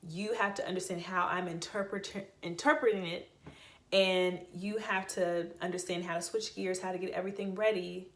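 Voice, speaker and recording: A young woman telling a heartfelt, rambling personal story in a casual vlog, with many fillers and restarts. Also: lowish voice. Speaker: vlogger, voice teacher. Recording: echoey room.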